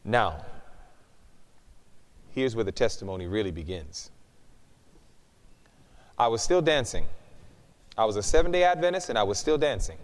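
Lively preacher man in an echoing hall. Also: lowish voice, normal speed, pauses often. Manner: lively storyteller, acts out dialogue. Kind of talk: testimony sermon.

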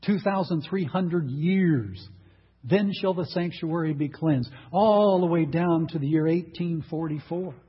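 A man's voice: on the high side, a little slow, breathy edge, highs cut off. A man preaching a sermon, emphatic, asking the congregation rhetorical questions.

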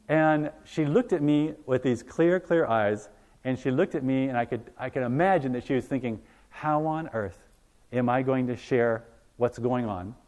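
A male preacher in mid-sermon, spinning a story and voicing each person in it. He gets loud and emphatic, then drops to a hushed, earnest tone. His pitch sits in the middle range for a man. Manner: animated storyteller, acts out dialogue, swings from loud to hushed.

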